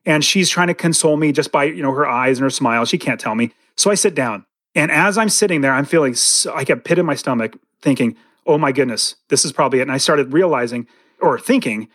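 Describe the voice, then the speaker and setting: A man's voice: medium pitch, brisk, a bit bright, no room sound. A man in his forties, a podcast guest, telling a vivid story about his past in an interview. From California. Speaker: podcast guest, real estate investor.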